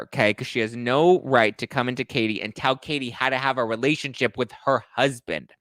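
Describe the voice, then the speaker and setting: Male host, sassy and dramatic, medium-pitched, dry close recording. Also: steady tone, fairly bright tone, no room sound. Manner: sassy, dramatic, rapid asides. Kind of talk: casual reality TV recap.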